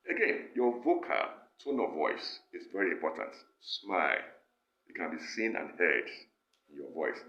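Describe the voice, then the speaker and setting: A man giving an instructional lecture, setting out steps in short, measured phrases. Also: deep voice, sharp tone, echoey room. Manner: measured, lists steps one phrase at a time.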